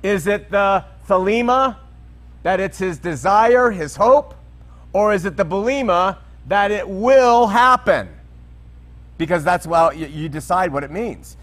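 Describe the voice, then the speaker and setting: A man's voice: sits high, expressive, a little slow, a bit bright. A man preaching a sermon, teaching through Bible verses with emphatic, questioning delivery.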